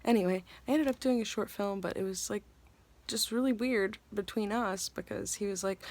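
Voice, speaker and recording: A woman's voice: medium pitch, expressive, moderate pace, creaky, a little hiss or hum. A young woman talking to camera in a casual vlog, chatty and rambling, giddy and self-mocking, tired and hungry. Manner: giddy and scattered. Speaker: actress vlogger.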